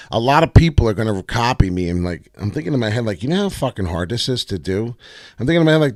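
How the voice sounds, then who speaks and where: A man's voice: lowish voice, fairly bright tone, dry recording. A man giving casual, brash live commentary on price charts, rambling and swearing freely. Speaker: crypto chart analyst streamer.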